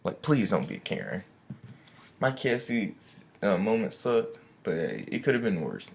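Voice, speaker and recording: A man's voice: on the low side, wildly swooping pitch, moderate pace, creaky. A young man vlogging a casual storytime rant, loose and chatty, full of "I was like" and slang.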